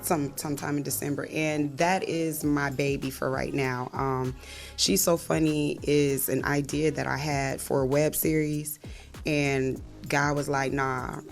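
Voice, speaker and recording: Low, gravelly-voiced woman comedian. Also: level tone, measured pace, faint music behind. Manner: laid-back, candid and chatty. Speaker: comedian and show creator, guest. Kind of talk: casual interview chat.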